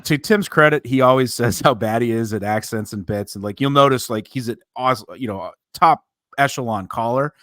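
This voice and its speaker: A podcast co-host tells stories in a casual chat, rambling and correcting himself along the way. He has a mid-range, fairly bright voice at a moderate pace, recorded in studio quality with no echo.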